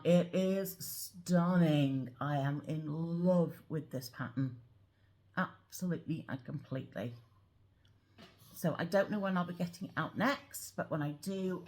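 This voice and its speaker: Chatty low-voiced woman vlogger. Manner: chatty, rambling, many ums. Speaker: cross-stitch vlogger. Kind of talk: casual show-and-tell chat. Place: at home.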